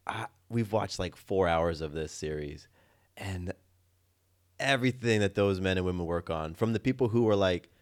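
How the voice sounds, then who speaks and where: A man chatting casually as a guest, easygoing and quick to laugh at himself. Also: deep voice. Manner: easygoing, laughs at himself, animated when excited. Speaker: podcast guest. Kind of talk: casual conversation.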